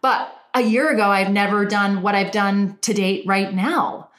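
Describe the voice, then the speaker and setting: A woman's voice: mid-range voice, steady tone, unhurried, fairly bright tone, reverberant. A woman with a Californian Valley Girl accent, a coach speaking straight to her viewers in an earnest, enthusiastic, self-revealing way. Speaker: dating and business coach. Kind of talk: motivational solo talk to viewers.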